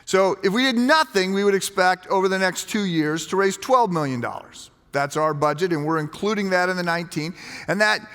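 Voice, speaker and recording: A man's voice: high voice, brisk, fairly bright tone, smooth. A man preaching a sermon as a pastor, telling stories in a conversational way with quoted dialogue, in a church sanctuary. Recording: long hall reverb.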